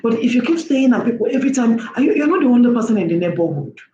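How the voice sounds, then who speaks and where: A woman's voice: a little high, lively intonation, rapid-fire, warm tone, lo-fi sound. Impassioned woman lecturing, roomy echo. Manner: lecturing, with repeated rhetorical questions. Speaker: vlogger. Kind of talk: impassioned opinion monologue. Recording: roomy echo, faint background hum.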